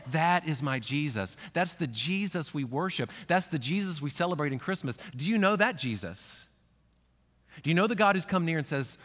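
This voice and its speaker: A male pastor giving a sermon in a conversational preaching style. He drops to a hush in some passages and rises to fervent emphasis in others. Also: on the high side, sing-song, a little fast, big-room sound. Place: church sanctuary.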